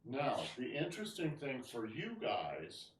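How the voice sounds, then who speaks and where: A man's voice: mid-range voice, wildly swooping pitch, a little slow, roomy sound, distant mic, a little hiss or hum. A man teaching an online tai chi class, explaining moves as he demonstrates and often asking "right?".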